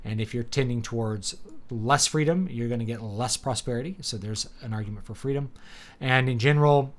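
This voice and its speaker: In a casual livestream chat, a man with a medium-pitched voice speaks a little fast, rambling opinionatedly with sarcastic asides and laughing at his own points. His talk-show delivery is full of fillers and restarts.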